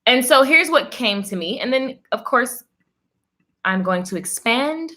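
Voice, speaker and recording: A woman's voice: a little high, expressive, measured pace, pushed and bright. A woman hosting a motivational live stream, talking animatedly and in a preachy tone, calling her viewers darling. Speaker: livestream host.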